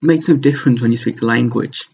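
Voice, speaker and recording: Over a set of slides, a man records an online language lesson in a low, husky voice, taking it slow and easy with frequent pauses and filler words. The audio sounds muffled.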